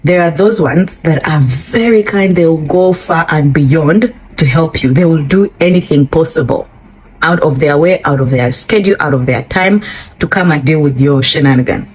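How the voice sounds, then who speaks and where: Woman vlogger, low husky voice, playful and animated delivery of travel advice. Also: poor audio. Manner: animated, playful, acts out exchanges. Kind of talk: casual travel advice vlog.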